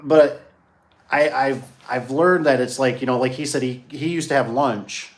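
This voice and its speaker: A man's voice: medium pitch, unhurried. A man who runs a garage door business, talking to his viewers in a rambling, folksy way and repeating himself as he tells stories. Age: adult, grew up locally. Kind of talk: casual rambling monologue to viewers.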